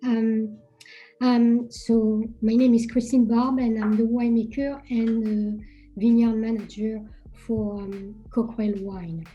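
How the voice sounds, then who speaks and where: A woman's voice: fairly high pitch, steady tone, slow pace, dull audio. A woman from France with a French accent, a winemaker presenting at a virtual wine tasting over a video call, speaking carefully with frequent ums.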